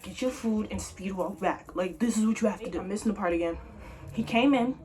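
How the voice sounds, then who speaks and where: A young woman vlogger telling a story in a casual, slangy, animated way. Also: medium pitch. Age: young adult.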